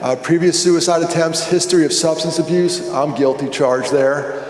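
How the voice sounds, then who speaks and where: Middle-aged male keynote speaker, animated storyteller who acts out dialogue, slightly high pitch, roomy hall sound. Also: normal speed. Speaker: conference speaker. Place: large hall. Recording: echoey hall with long reverb.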